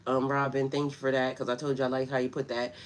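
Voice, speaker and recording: On a livestream, a woman spiritual coach tells stories in a loose, chatty way, laughing often and greeting viewers by name. Her voice rumbles low, and she talks fast with a flat delivery.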